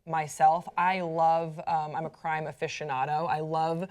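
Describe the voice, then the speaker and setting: A woman's voice: sits low, level tone, a little slow, a little mellow. A woman co-hosting a casual pop-culture chat, thinking aloud in a hesitant way with frequent fillers. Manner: thoughtful, hesitant, many fillers. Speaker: co-host.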